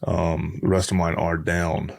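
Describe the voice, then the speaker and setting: A man's voice: low voice, flat delivery, a little slow, gravelly, dry recording. A man hosting a podcast, chatting in an easygoing, agreeable way with hesitant restarts. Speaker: podcast host. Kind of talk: casual chat.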